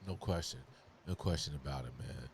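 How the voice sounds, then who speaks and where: A man's voice: a bass voice, fairly quick, gravelly, breathy edge. A man hosting a casual podcast, talking loosely with lots of slang and laughter. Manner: loose, laughing, rambling slang-filled talk.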